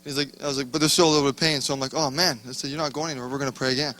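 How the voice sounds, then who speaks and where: A man's voice: medium pitch, steady tone, very fast, sharp tone, a little hiss or hum. A man sharing a casual testimony in a rambling, self-interrupting way, often breaking off mid-sentence. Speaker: conference attendee sharing a testimony.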